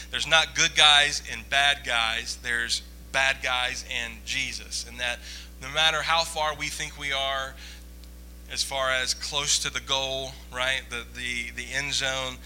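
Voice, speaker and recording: A man's voice: medium pitch, sharp tone, slight background noise, low-quality recording. A man preaching a sermon as pastor, conversational and joking with the congregation. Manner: joking, conversational, audience-teasing.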